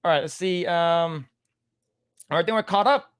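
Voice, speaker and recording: A man's voice: on the high side, normal speed, a bit bright, smooth, no room sound, clean studio sound. A man co-hosting a casual livestream podcast, reading chat comments aloud in a laid-back way and laughing often.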